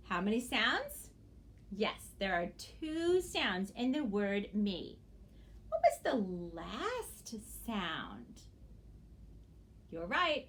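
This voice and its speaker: A woman teacher giving a phonics lesson to young children, sounding out words slowly and praising often. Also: mid-range voice. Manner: slow, exaggerated sounding-out of words; encouraging praise.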